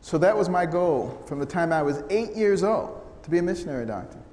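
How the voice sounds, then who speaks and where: A middle-aged American man giving a storytelling talk to an audience, humorous and animated, often acting out the voices of the people he quotes. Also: fairly high pitch, fairly quick. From United States. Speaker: speaker giving a testimony talk. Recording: echoey hall sound with faint noise.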